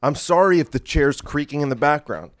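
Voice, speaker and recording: A man's voice: on the high side, animated, fairly quick. Comedic male podcaster, rambling solo rant, direct to listener. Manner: rambling, combative, talking to the listener. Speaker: podcast host. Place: home room in a creaky chair.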